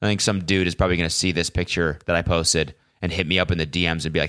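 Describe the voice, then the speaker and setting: Young guy doing a solo podcast, kinda low voice, super dry close mic, swears a lot, rambles. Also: flat delivery, quick pace, fairly bright tone, clean tone, no room sound. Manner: casual, profane, rambling with frequent fillers. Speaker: podcast host.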